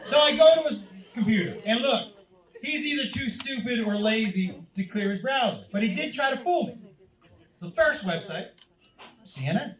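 A man in his forties telling an animated, conversational stand-up story. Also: extremely high pitch, normal speed, a faint crowd. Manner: animated, conversational, punchline-driven. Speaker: stand-up comedian. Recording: roomy, distant, noisy stage recording.

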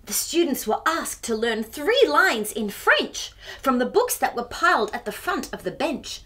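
A woman's voice: sits high, big pitch swings, measured pace, hardly any pauses, sharp tone. A woman reading a picture book aloud to children, adding chatty asides with gasps and giggles. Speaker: children's storyteller.

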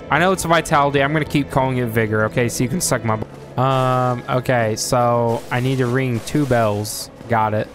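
A man giving live gameplay commentary, excitable and joking, who trash-talks enemies and yelps and shouts at the game. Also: medium pitch. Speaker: streamer playing a video game. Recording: noticeable background noise.

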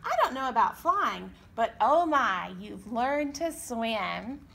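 A woman voicing a gentle, loving mother penguin in a storybook reading, speaking softly and slowly. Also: a little high, big pitch swings, creaky, exaggerated voice. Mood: fond. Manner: soft, soothing and slow.

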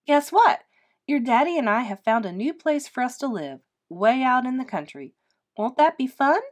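A bubbly, dreamy mother from a read-aloud storybook, played by a woman. She coaxes her children brightly and gushes with excitement, sounding upbeat and persuasive. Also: fairly high pitch, normal speed. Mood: cheerful coaxing. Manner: bright and coaxing. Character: enthusiastic, dreamy artist mother.

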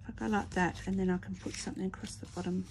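A woman's voice: mid-range voice, little pitch movement, very fast, noisy background. A woman hosting a craft video, chatting casually and talking herself through each step with murmured asides. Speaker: craft channel host. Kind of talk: casual crafting chat to camera.

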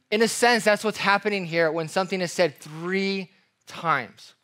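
A man's voice: sits high, normal speed. A man preaching a sermon as pastor, reading scripture with emphasis and acting out everyday examples. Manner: expressive preaching, reads scripture aloud with emphasis; acts out everyday examples in playful voices.

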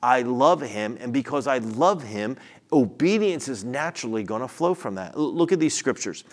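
A middle-aged man preaching a sermon as a church pastor, conversational and personal, building to louder emphasis. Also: medium pitch, animated, normal speed. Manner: conversational, with self-deprecating asides and rising emphasis. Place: church sanctuary.

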